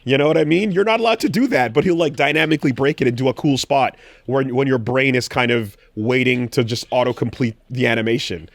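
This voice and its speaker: Man telling an excited wrestling story. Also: mid-range voice, quick pace, few pauses, dry recording. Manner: excited storytelling, animated quotes, frequent swearing. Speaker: podcast co-host. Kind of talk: casual chat.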